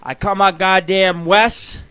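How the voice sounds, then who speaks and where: A man hosts his own internet radio show, rambling through a loose, profane comic monologue. His voice sits fairly high, and he keeps swerving into loud, drawn-out shouts before dropping back to a mutter. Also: steady tone, clear, resonant tone. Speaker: host. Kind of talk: profane stand-up style monologue. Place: home recording for internet radio.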